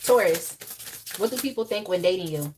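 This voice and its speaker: A young adult woman hosting a live tarot reading, talking in a casual, animated way with laughs and chatty asides. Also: lowish voice, background noise. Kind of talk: casual live-stream chat.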